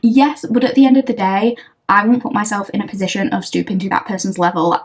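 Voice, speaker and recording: A woman's voice: mid-range voice, fairly even intonation, fast. A young woman, a tarot reader casually telling a story to camera, chatty and wry, often laughing.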